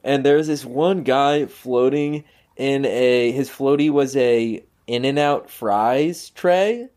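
A young man tells a story in a casual conversation. He talks with energy and acts out the voices of the people he describes. His voice sits in an ordinary middle pitch. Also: takes it slowly, a little mellow. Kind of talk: casual chat.

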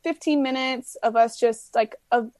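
A young woman, a softball player, chatting as an interview guest, telling stories with quick laughs and acted-out quotes. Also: on the high side, no echo. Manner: animated storyteller, acts out quotes, laughs often. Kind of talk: casual interview chat.

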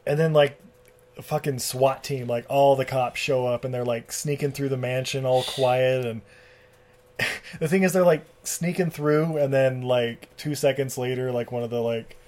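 Male co-host, mid pitch, loose and profane recapper. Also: steady tone, moderate pace, darkish tone. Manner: rambling, profane, laughs often. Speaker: podcast co-host. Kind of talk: casual chat recapping a film.

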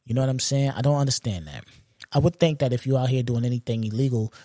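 A man in his forties hosting a solo podcast, ranting in a loose, profane, animated way and laughing at his own jokes. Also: medium pitch, fast talker, dry recording, studio quality. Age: 40s. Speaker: podcast host. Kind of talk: solo comedic podcast rant.

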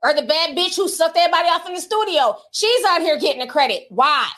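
A woman's voice: very high-pitched, animated, fast talker, bright, forceful tone. A woman hosting a casual livestream, chatting and reading out viewer super chats, laughing often.

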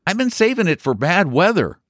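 A man voicing a confident young man who speaks slowly and with emphasis. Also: high-pitched, sing-song, a bit bright, dry recording, clean studio sound, pitched above the performer's own voice, heavily acted. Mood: assured. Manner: slow, assured, emphatic. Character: confident young man hosting, drawling, sure of himself.

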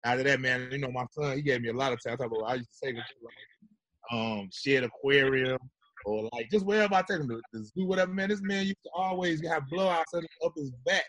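Male guest, laid-back and slangy, mid-pitched, close and dry. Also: fast talker, a bit bright, no echo. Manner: laid-back slangy talk, often says "you know what I'm saying". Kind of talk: casual storytelling chat.

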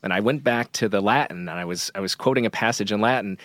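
A man co-hosting a casual conversation, telling an anecdote in a lively way. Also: fairly low pitch, fast, dry recording, clean studio sound. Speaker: podcast co-host and theology teacher.

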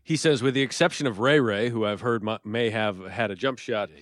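A man's voice: medium pitch, fairly quick, a bit bright, no echo, studio quality. A man co-hosting a sports podcast in casual chat, teasing his partner and reading listener tweets aloud. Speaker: podcast co-host.

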